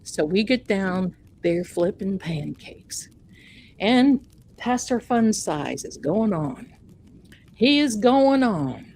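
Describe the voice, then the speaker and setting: A woman hosting a live stream tells a chatty, self-mocking story in an unhurried, folksy way. A faint background noise sits under her voice. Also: medium pitch, lively intonation, darkish tone. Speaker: livestream host.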